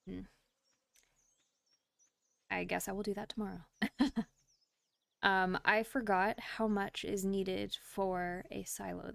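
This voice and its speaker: A woman's voice: mid-range voice, creaky, clear, resonant tone, no echo. A woman streamer chatting casually while playing a farming game, rambling and laughing often, with the hiccups. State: has the hiccups. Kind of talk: casual gameplay chat.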